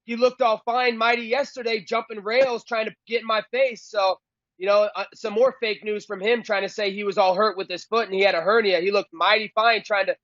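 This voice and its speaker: A cocky fighter mocks his rivals in a high, boastful voice. The sound is close, dry and slightly dull, with no room around it. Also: fairly even intonation, brisk, fairly bright tone, no echo. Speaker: fighter being interviewed. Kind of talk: boastful trash talk.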